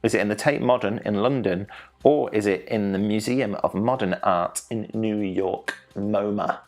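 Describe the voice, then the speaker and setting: A man's voice: lowish voice, moderate pace. A young man hosting an online quiz from home, playful and jokey, stumbling over foreign names. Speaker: quiz host.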